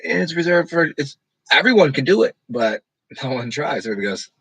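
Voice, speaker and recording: A man rambling in casual livestream chat with his viewers, describing his own delivery as monotone. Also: a little high, quick pace, breathy edge, dry recording, poor audio. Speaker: streamer talking to live chat.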